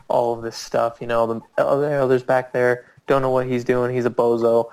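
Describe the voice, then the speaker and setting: Heard through poor audio, a storyteller with a slightly mellow voice keeps a level tone and a moderate pace as he rambles through a casual anecdote for a few listeners. He restarts often, and his voice springs high when he quotes people.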